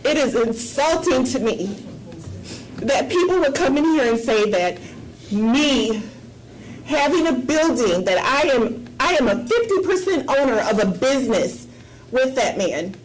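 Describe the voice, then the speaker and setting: A woman's voice: high voice, big pitch swings, a little slow, rough recording. A woman speaking as a university board trustee, making an impassioned, emphatic statement at a board meeting and repeating her points for effect. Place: meeting room.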